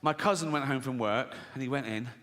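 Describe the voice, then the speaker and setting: A man's voice: medium pitch, a little fast, fairly bright tone. A man doing a stand-up comedy routine, brash and profane, ranting with mock outrage. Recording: live venue reverb with audience noise.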